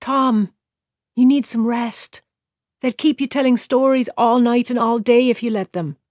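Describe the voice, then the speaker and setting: A man voicing a protective young serving woman in an audiobook, pitched up, firm yet pleading. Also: fairly even intonation, a little slow, darkish tone, no echo, clean studio sound. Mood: coaxing. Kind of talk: audiobook character voice.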